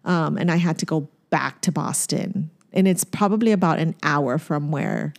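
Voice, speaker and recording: A woman's voice: low voice, normal speed, gravelly. A woman co-hosting a casual podcast chat, telling stories in a loose, rambling way with lots of fillers and restarts. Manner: chatty storyteller, many fillers and restarts. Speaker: podcast co-host.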